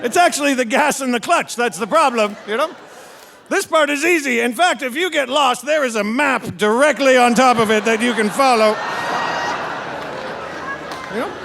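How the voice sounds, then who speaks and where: A man's voice: very high-pitched, moderate pace, gravelly, pauses often, a crowd in the background, noisy background. A man in his forties doing stand-up comedy, telling a rowdy story with constant "all right?" asides. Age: 40s. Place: comedy venue with a live audience.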